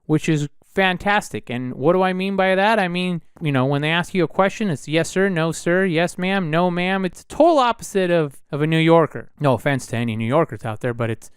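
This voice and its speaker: A man's voice: brisk, few pauses, smooth, no room sound, studio quality. Chatty man hosting a solo podcast. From United States. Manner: animated, chatty, swings pitch for emphasis. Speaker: podcast host.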